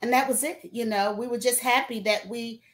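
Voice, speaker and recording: A woman's voice: on the high side, steady tone, normal speed. A woman pastor, a guest on a talk show, telling her personal story in an earnest, reflective way. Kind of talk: interview, personal testimony.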